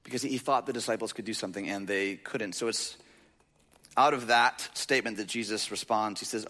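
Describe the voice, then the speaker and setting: A man's voice: on the low side, a little fast, sharp tone. A man preaching a sermon in a conversational way, asking the audience questions and often saying "like". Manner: conversational, rhetorical questions, frequent "like". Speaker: pastor. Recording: reverberant hall.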